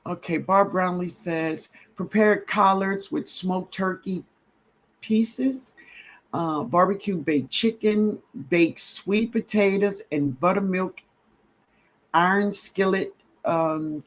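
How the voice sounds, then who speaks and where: A man hosting a casual gardening livestream, greeting viewers warmly and reading out their comments with a relaxed drawl. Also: high-pitched, slow pace. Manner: drawling, greets viewers as baby, laughs often. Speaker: livestream host. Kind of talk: casual live-stream chat reading comments.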